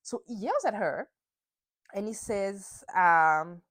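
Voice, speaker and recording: Lively ranting woman podcast host. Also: mid-range voice, measured pace, poor audio. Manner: heated, profane ranting. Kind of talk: solo reality TV recap.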